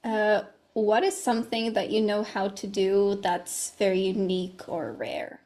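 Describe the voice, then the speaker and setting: A woman hosting a podcast interview, speaking in a measured way and asking questions. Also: medium pitch, a little mellow. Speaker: podcast host. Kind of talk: casual interview.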